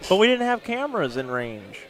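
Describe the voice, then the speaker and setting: A man's voice: high voice, very animated, fairly quick, fairly bright tone. A man doing live bowling play-by-play from a booth, chatty and prone to rambling anecdotes. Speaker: lead bowling commentator. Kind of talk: live sports commentary. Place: commentary booth at a bowling center.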